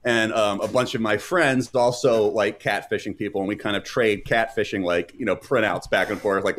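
A man's voice: on the low side, fairly even intonation, normal speed, hardly any pauses, fairly bright tone, slight background noise. A man hosting a live stream in casual chat, reading out chat comments and rambling with many fillers and restarts.

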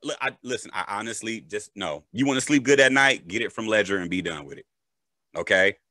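A man's voice: lowish voice, expressive, a little fast, bright, forceful tone, dry recording. An adult man, a father, explaining crypto casually with a joking manner and frequent "right?" and "okay?" check-ins. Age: adult, a parent. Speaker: crypto educator.

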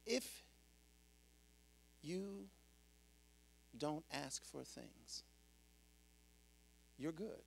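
Male pastor, sermon delivery; animated, gravelly voice that ranges widely. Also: a little high, drawn-out words, long pauses. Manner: preaching that swings from hushed to shouted; exclaims "woo" between points.

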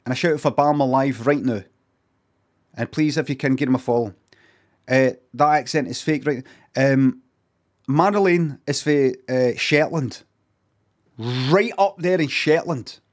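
A man's voice: medium pitch, unhurried, long pauses. A man, chatting casually and swearing while streaming reaction commentary. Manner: chatty, swearing, rambling asides.

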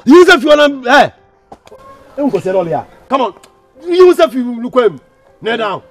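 A man's voice: very high voice, big pitch swings, normal speed, soft background music. A man with a Ghanaian accent playing a senior student who mocks and orders juniors around. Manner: bossy, mocking, barking orders. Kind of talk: comedy skit acting.

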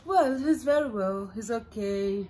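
A woman's voice: fairly high pitch, animated, unhurried, poor audio. An actress playing a pleading Nigerian woman. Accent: Nigerian English. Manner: coaxing, pleading. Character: pleading young woman, her brother's go-between. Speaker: actress in a film scene. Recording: film scene with loud background music.

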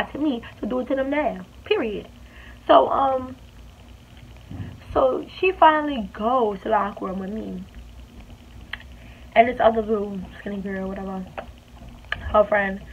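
Chatty woman vlogger with a tinny sound. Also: on the high side. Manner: animated, chatty retelling with emphatic repeats. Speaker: beauty vlogger. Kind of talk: storytime vlog. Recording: tinny phone-like sound with faint hiss.

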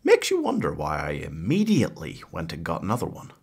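Man, low husky voice, wry narration, lively pitch. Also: fairly quick. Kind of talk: scripted voice-over narration.

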